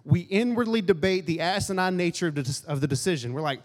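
Male pastor, casual joking sermon, slightly high voice, long hall reverb. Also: fast. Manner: joking, conversational, acts out grumbling asides.

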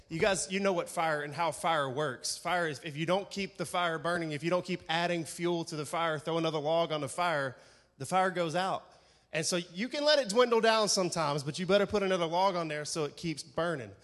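Male pastor, fairly high voice, chatty, lively sermon style, long church reverb. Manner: conversational, energetic, asks the congregation "right?".

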